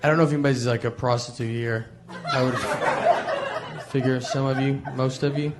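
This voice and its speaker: A man from Tennessee with a Southern American accent performing a stand-up comedy routine, telling rambling deadpan stories. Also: medium pitch, fairly quick. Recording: noisy live show audio. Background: audience laughter.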